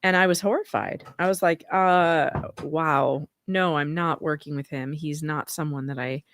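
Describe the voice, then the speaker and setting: A woman's voice: deep voice, measured pace. A woman talking candidly on a livestream as a guest, with a chatty, conversational manner. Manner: candid, conversational, uses "like" a lot. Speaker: fellow show host and guest. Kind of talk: casual livestream chat.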